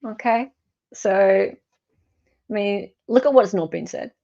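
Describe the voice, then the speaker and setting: A woman's voice: medium pitch, slow pace, gravelly, mellow, muffled recording. A woman with an Australian accent hosts a casual livestream, reading viewer comments with wry, self-correcting asides. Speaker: online commentator.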